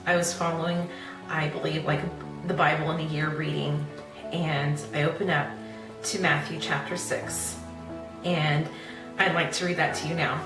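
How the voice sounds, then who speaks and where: A woman host sharing a personal faith testimony in an earnest, heartfelt way, pausing and restarting as she tells it. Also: sits low, little pitch movement. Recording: echoey, a little distant, music behind.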